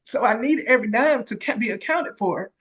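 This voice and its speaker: A woman telling an emotional personal story about starting her business, animated and close to tears. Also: a little high, brisk, slightly rough, dull audio. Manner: animated storytelling, acts out others' voices. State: tearful. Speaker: credit repair consultant sharing her story.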